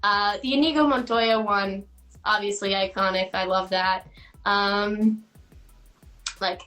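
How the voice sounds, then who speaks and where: A woman's voice: mid-range voice, fairly even intonation, takes it slowly, pauses often, pushed and bright, faint music behind, poor audio. A teenage girl, a guest actress, answering interview questions chattily with lots of fillers and giggles.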